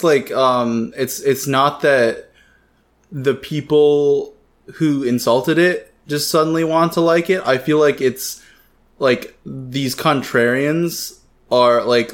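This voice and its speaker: A young American man co-hosting a casual podcast, laughing a lot and swearing freely. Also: mid-range voice. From United States. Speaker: podcast co-host. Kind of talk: casual chat.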